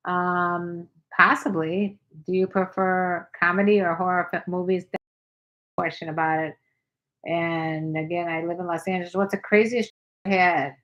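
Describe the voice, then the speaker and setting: A woman's voice: fairly low pitch, a bit bright, muffled recording. An older woman hosting a casual livestream, reading viewer comments aloud and answering them in a frank, playful way. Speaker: livestream host.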